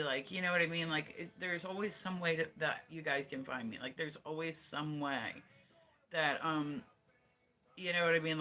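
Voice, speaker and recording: A man streaming live, talking in a loose, rambling way and swearing freely as he chats with viewers. His voice sits a bit high and has a very bright, tense edge. He fills nearly every sentence with "like". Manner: rambling, profane, heavy use of "like". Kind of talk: casual livestream chat.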